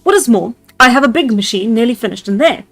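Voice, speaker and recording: A woman's voice: a little high, lively intonation, quick pace, fairly bright tone, soft background music. A woman reading as an eager Victorian inventor. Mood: confident. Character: earnest Victorian gentleman inventor, male.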